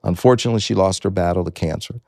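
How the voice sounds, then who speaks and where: A man's voice: deep voice, rapid-fire, creaky, a little mellow, no echo, clean studio sound. A man in his sixties from the United States, a guest in an interview, telling his business story and repeating his key points for emphasis.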